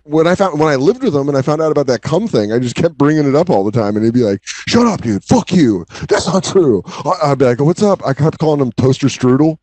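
A man in his late thirties tells crude stories in casual studio chat, cursing freely. His voice is dry and close to the mic. He jumps up into high, yelping impressions when he quotes people. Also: fast, few pauses, dry recording. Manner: animated, swears freely, acts out quotes in high yelps. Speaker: podcast co-host. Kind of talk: casual comedic storytelling.

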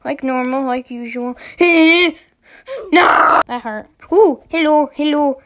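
Excitable high-voiced woman gaming. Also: slow. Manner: excitable, shrieking and giggling often. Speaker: gameplay commentator. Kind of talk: casual gameplay commentary.

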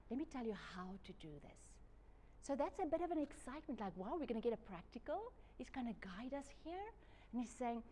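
Woman, Bible teacher, slightly high voice, earnest and chatty, drops into quoted asides. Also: darkish tone. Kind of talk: discipleship teaching.

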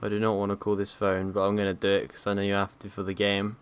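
Jumpy swearing gamer. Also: male voice, lowish voice, completely flat delivery, fast, clear, resonant tone. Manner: jumpy, swears and yelps at scares. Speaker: gaming YouTuber. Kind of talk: horror gameplay commentary.

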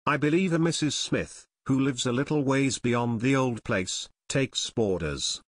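A man's voice: medium pitch, unhurried, dry recording, lightly acted. A man voicing a helpful male gas station attendant, easygoing and matter-of-fact. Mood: casual.

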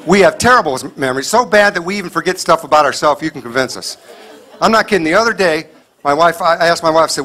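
Animated bright-voiced male stand-up comic. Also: fairly high pitch, quick pace. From Kansas City area, US. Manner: punchy, animated storytelling with mock dialogue. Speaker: stand-up comedian. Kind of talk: clean stand-up set. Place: live venue with audience. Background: audience laughter.

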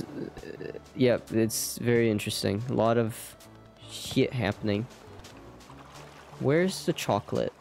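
A young man gives casual live commentary on a game he's streaming, rambling, chatting with viewers, and making jokes at his own expense. He speaks at medium pitch with vocal fry and a darkish tone, and game music plays faintly.

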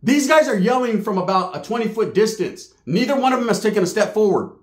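A man's voice: sits high, very animated, quick pace, echoey room. A man doing stand-up, telling a profane, slang-filled story and acting out the quotes. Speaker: stand-up comedian.

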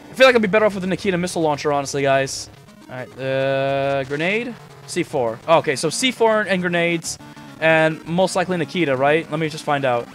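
Brief: lively, high-ish young guy narrating his gameplay, cursing, game music underneath. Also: brisk. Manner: excitable, cursing, talking to himself. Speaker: let's play gamer. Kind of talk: let's play commentary.

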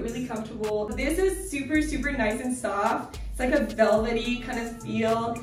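A woman's voice: fairly high pitch, recorded from a distance. A young woman chatting casually in a fashion try-on vlog, gushing and bubbly, full of "like" and "so cute". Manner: bubbly, gushing, filler-heavy. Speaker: fashion vlogger. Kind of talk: casual try-on haul chat. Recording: echoey room, voice set back from the mic.

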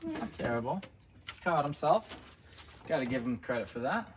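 A man working as a dog trainer outdoors, coaching a dog and explaining his steps, swooping into high sing-song praise. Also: big pitch swings, moderate pace. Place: outdoors in a rural field. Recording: distant mic with loud outdoor noise.

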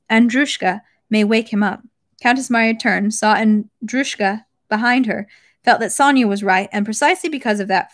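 A woman reading a classic novel aloud at home, steady, with occasional self-corrections. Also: mid-range voice. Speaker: reader of a novel. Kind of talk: read-aloud narration.

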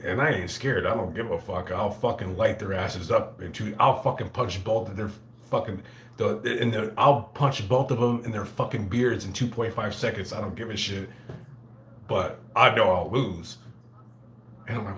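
A man's voice: medium pitch, fairly bright tone, slight background noise. Profane rambling man in an echoey room. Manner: profane, rambling, halting storyteller. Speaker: livestream host reading super chats. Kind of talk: casual livestream chat.

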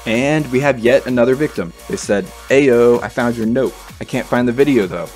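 A man's voice: mid-range voice, normal speed, darkish tone, soft background music. Playful man reading chat messages. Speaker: gaming YouTuber. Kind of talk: casual gameplay commentary.

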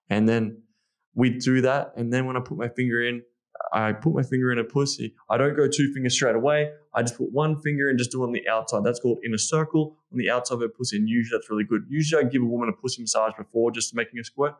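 A man's voice: mid-range voice, quick pace. Frank, profane man talking casually. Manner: frank, profane, animated, with frequent fillers. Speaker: podcast guest, intimacy coach. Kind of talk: casual podcast conversation.

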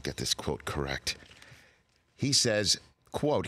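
A man's voice: fairly low pitch, big pitch swings, a little slow, pauses often, fairly bright tone, slightly rough. A man hosting a sports talk show, delivering a playful, mock-dramatic monologue.

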